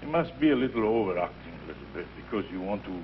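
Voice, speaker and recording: A man's voice: fairly low pitch, rapid-fire. Older Italian-accented man teaching opera. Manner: animated, acts out scenes and voices while teaching. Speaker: opera teacher leading a masterclass. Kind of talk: teaching and storytelling. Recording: dull lo-fi archival recording with faint noise.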